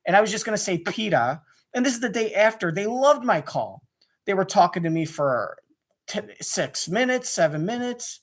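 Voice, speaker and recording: A young man venting to camera about sports radio hosts, his talk fast and restless. He swears freely and trips over his own sentences as he pushes to get every point out. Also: sits high, expressive. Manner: rapid, restless, with many restarts and swearing. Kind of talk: angry profane rant to camera.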